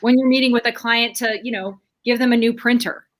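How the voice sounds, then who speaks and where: A woman's voice: on the high side, fairly even intonation, fairly quick. A woman on a video call sharing business tips in an earnest, coaching tone, with frequent fillers. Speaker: panelist. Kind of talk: casual chat.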